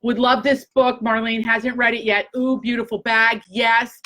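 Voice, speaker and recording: A woman hosting a casual live chat, gushing and excitable, talking straight to her viewers. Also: a little high, normal speed, poor audio. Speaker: host.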